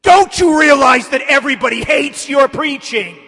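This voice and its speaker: A priest voicing the devil as a grotesque, spiteful male spirit who mocks and taunts in a loud voice. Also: very high voice, moderate pace, pitched above the performer's own voice, exaggerated voice. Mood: taunting. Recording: long hall reverb.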